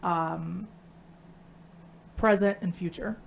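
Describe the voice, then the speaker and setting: A woman's voice: fairly low pitch, extremely slow, gravelly, slight background noise. Blunt, swearing woman chatting on stream. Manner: blunt, swears freely, animated storytelling. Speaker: co-host. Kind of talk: casual chat on a live stream.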